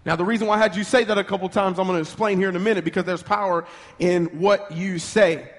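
A high-pitched man delivers a fervent sermon, rallying the crowd in call-and-response. He speaks in quick bursts, stumbling and restarting as his excitement builds. His voice rings out with the long reverb of a large hall. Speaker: preacher.

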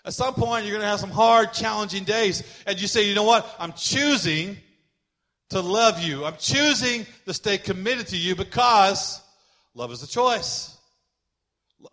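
High, bright-voiced preaching pastor. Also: male voice, animated. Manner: preaching with rising emphasis, calls to the congregation; slows down to stress key words. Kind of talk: sermon.

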